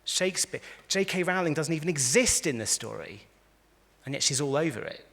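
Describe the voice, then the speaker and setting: A man, a rabbi, giving a lively lecture to a live audience, telling stories and acting out the quotes with frequent restarts. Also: fairly high pitch, brisk, creaky. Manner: animated storyteller, frequent restarts, acts out quotes. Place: large convention hall. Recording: echoey hall.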